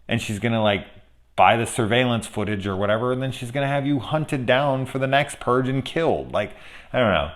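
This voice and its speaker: In an off-the-cuff spoiler chat about a film, a man with a very low voice rambles loosely and sounds angry. He swears freely, gets worked up, and laughs between his points.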